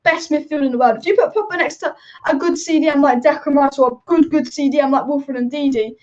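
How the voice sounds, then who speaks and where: A woman's voice: high-pitched, a little fast, a little mellow. A woman hosting a football live stream, reading viewer comments and giving passionate, rambling opinions. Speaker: football channel host. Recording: dull lo-fi stream audio.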